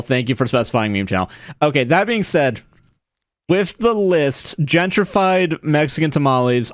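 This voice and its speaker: A man's voice: mid-range voice, smooth, no echo. Streamer guy rambling along, keeps saying sorry, laughs a lot, faint music behind. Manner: rambling, self-correcting, apologetic, laughs often. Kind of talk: casual live-stream chat.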